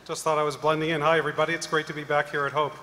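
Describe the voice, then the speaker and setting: A man on a conference panel telling an animated anecdote with acted dialogue, recorded in a large hall. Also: fairly high pitch, very fast. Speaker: panel guest. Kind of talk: live conference storytelling. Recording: echoey hall with long reverb, faint noise.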